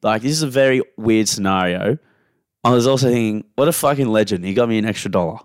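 A young man in his twenties, co-hosting a podcast and telling a funny story in casual chat, animated and laughing as he goes. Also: on the low side, fast, clean tone, no room sound, clean studio sound. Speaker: podcast co-host.

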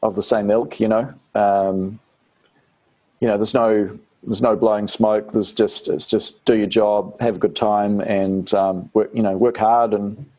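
A man's voice: lowish voice, little pitch movement, unhurried, mellow. A man from New Zealand with a New Zealand accent, an actor chatting casually as an interview guest, rambling with fillers and restarts.

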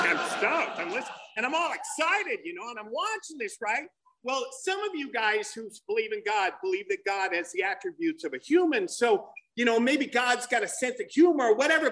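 A man doing a crude, rambling stand-up comedy set, telling stories with animated put-on voices. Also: very high-pitched.

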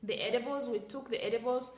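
A woman's voice: a little high, steady tone, quick pace, roomy sound, background noise. A woman co-hosting a podcast, chatting casually about an experience, giggly and full of "like". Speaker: podcast co-host. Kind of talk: casual storytelling chat.

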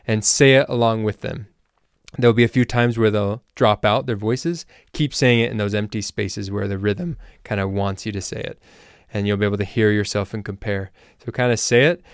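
Guy hosting a language podcast, chill and chatty, mid pitch, smooth clean tone. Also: no echo, studio quality. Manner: relaxed and explanatory, with loose fillers. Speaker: language teacher and podcast host. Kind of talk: casual spoken lesson.

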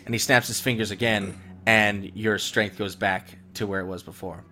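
A man's voice: fairly low pitch, steady tone, normal speed, pushed and bright, soft background music. A young man narrating as game master in a loose, rambling way full of fillers.

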